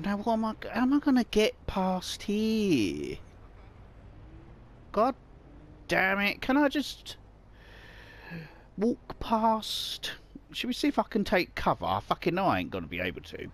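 Man, game commentary, slow drawl, pitch swinging all over, frequent swearing. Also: a bit bright. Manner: swears often, mutters and exclaims at the game. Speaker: let's play gamer. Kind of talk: casual gameplay commentary.

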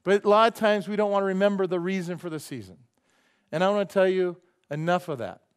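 High-voiced male pastor preaching. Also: fast, smooth. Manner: chatty, asks the crowd "how many know", preaches then prays softly. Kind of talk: sermon. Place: church service.

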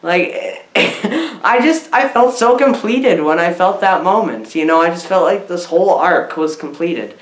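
A woman's voice: fairly low pitch, animated, measured pace. A woman doing a silly, rambling comedic movie review, giggling and scatterbrained. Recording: roomy echo.

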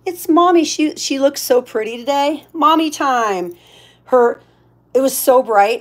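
A woman hosting a casual live shopping stream. She is chatty, thanks each buyer and stops to coo at her pets. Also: high-pitched.

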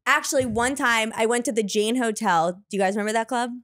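Woman, thirties, high voice, rambling anecdotes, casual podcast chat. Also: fast talker, fairly bright tone. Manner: rambling storyteller, lots of "like". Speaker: guest comedian.

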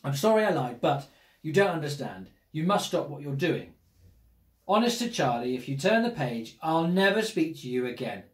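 A woman's voice: deep voice, very animated, moderate pace, pitched below the performer's own voice. A woman voicing a fretful little male storybook character who begs and pleads dramatically. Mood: pleading. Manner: begging, dramatic. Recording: roomy echo.

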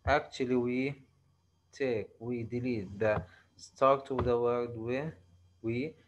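A male university lecturer with an Arabic accent, explaining slowly in a halting way, often restarting and repeating himself. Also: medium pitch, fairly even intonation, rough recording. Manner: slow, halting explanation with frequent restarts and repetitions. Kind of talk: recorded online lecture.

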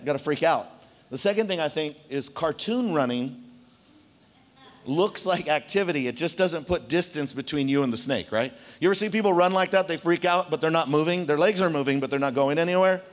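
A man preaching a sermon to his congregation as pastor, telling a story in an animated way and speaking straight to the room. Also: fairly high pitch. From Arizona, United States. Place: church hall.

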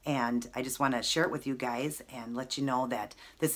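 A woman's voice: extremely low pitch, steady tone, moderate pace, hardly any pauses. A woman in her thirties talking earnestly to her camera at home, emotional and full of fillers. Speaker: vlogger. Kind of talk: personal talk to camera.

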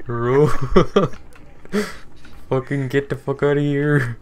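A man's voice: mid-range voice, steady tone, drawn-out words, darkish tone, slight background noise. A man hosting casual gameplay commentary, laughing, swearing and joking in a mock-polite way with lots of "sorry, eh, bud.". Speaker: gaming channel host.

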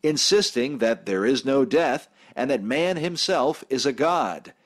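A man reading a scripted documentary narration in a measured, grave manner. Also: mid-range voice, animated. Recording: voice-over with music behind.

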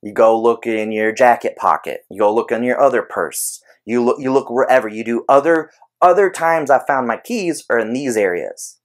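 A man giving an informal explanatory talk on behavior training, conversational and animated, using everyday examples. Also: mid-range voice, moderate pace, few pauses. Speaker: behavior analysis educator.

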